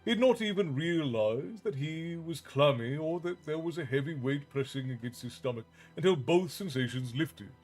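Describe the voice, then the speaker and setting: A man's voice: fairly high pitch, normal speed, hardly any pauses, soft background music. A man reading a story aloud on a livestream, theatrical and dramatized, chatting between passages. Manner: animated, theatrical.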